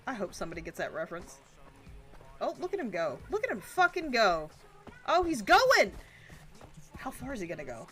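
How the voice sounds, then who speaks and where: A woman's voice: mid-range voice, huge pitch swings, moderate pace, pauses often, pushed and bright, faint music behind. A woman streaming a video game live, who startles easily, swears a lot and laughs between her reactions. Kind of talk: live gameplay reaction commentary.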